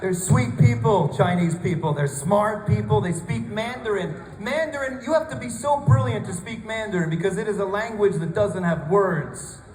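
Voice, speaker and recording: High-voiced American man doing stand-up. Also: moderate pace, few pauses, a little mellow. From United States. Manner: rambling, stammering restarts, mock-earnest. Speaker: stand-up comedian. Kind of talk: stand-up routine. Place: comedy club stage. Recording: echoey room with background noise.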